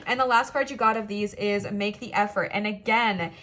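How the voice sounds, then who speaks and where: A young female tarot reader with a medium, slightly bright voice and fairly even intonation speaks at a normal speed. She gives a pick-a-card reading in a chatty, playful, reassuring way, sometimes acting out little quoted voices.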